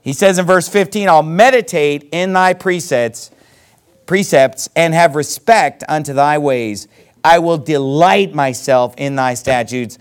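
In a smooth voice on the higher side, a middle-aged man gives a sermon. He reads scripture slowly and follows it with folksy, emphatic explanation.

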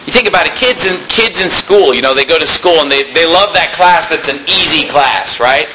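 Male pastor, high bright voice, animated sermon delivery in an echoey hall. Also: a little fast, slight background noise. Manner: animated preaching, mimics people in quotes.

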